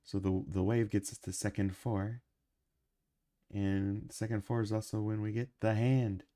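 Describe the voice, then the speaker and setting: A man's voice: on the low side, level tone, measured pace, warm tone, no room sound, clean studio sound. A man who is sick with a cough, chatting casually while he livestreams his animation work and rambling with lots of ums and uhs.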